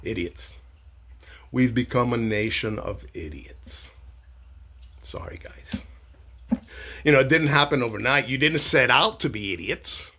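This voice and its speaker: A man's voice: medium pitch, expressive, unhurried, long pauses, bright, forceful tone. A man giving a rambling, sarcastic monologue to camera, with many hesitations and filler sounds. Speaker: commentator.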